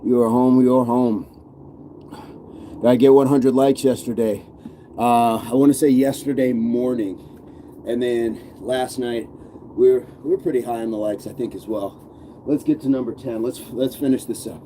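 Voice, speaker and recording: A man's voice: medium pitch, steady tone, moderate pace, noisy background. A man coaching a live-streamed workout, counting reps aloud and encouraging viewers while chatting with the live chat. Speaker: fitness coach.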